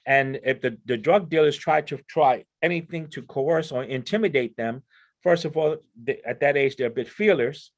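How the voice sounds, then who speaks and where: A man's voice: mid-range voice, normal speed. A man speaking on a discussion panel, explaining his ideas in an earnest way and often repeating words as he builds each point. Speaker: panel speaker on crime prevention.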